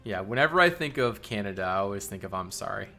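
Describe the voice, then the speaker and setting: A man on a live stream chats loosely with his viewers, rambling and thinking out loud, often breaking into laughs. His voice sits fairly low but rings bright and forceful. Quiet music plays faintly in the background. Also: expressive, quick pace.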